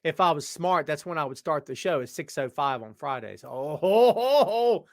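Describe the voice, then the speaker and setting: A man's voice: on the high side, a little fast, fairly bright tone, no room sound, clean studio sound. Worn-voiced man hosting a show. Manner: rambling, jokey, talks straight to viewers. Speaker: podcast host. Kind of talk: casual live-stream chat. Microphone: webcam setup.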